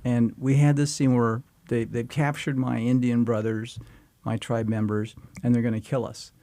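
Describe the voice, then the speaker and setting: A man's voice: mid-range voice, level tone, moderate pace, dark tone, dry recording. An older man, a guest actor, telling a rambling, folksy story in casual conversation.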